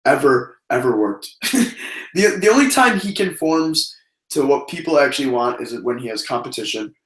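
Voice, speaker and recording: In a low-quality recording with a roomy sound, a man with a medium-pitched voice speaks at a moderate pace. He co-hosts a wrestling review podcast in a casual, profane way. He gets animated and does mocking voices.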